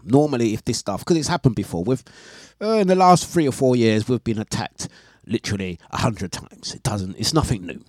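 Animated male radio host, dry close sound. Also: medium pitch, fairly quick, dry recording. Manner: animated storytelling, exasperated and laughing. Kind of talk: casual chat on live radio stream.

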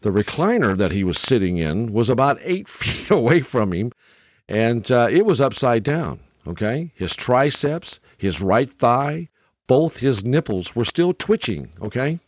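A man's voice: mid-range voice, sing-song, a little slow, dry recording, clean studio sound. A man in his sixties hosting a podcast, telling a story in a casual monologue, chuckling often and tagging his lines with "okay?". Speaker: podcast host.

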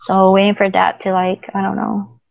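A woman's voice: medium pitch, monotone, normal speed, creaky, muffled recording, slight background noise. A young woman in a casual chat as a guest, talking in a rambling way and laughing often.

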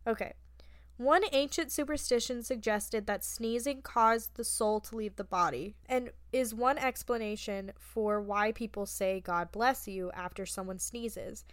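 A woman's voice: on the high side, a little slow, no echo, clean studio sound. A young woman co-hosting a casual podcast chat, blunt and swearing freely as she tells stories. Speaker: podcast co-host. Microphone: remote call mic.

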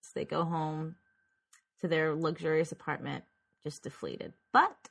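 A woman's voice: low-pitched, fairly even intonation, measured pace, creaky, fairly bright tone, breathy edge. A woman co-hosting a casual movie podcast, talking animatedly and laughing often as she plays up the plot's twists. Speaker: podcast co-host.

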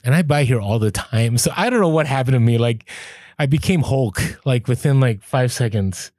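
A man's voice: mid-range voice, normal speed, dry recording, studio quality. A man co-hosting a podcast, chatting casually and telling stories, acting out the exchanges he quotes. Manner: animated storyteller, acts out quoted exchanges. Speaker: podcast co-host. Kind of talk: casual chat.

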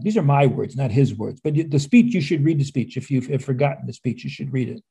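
Older male guest from the United States, husky and mellow, wry and rambling. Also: mid-range voice, animated, fairly quick, hardly any pauses. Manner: rambling, with restarts and wry asides. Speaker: author and historian guest. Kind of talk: conversational interview.

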